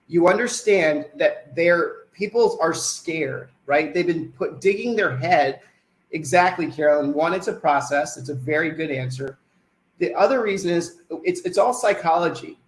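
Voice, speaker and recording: A man's voice: a little high, normal speed, roomy sound, rough recording. A man giving a webinar sales presentation, putting questions to the attendees and then answering them himself.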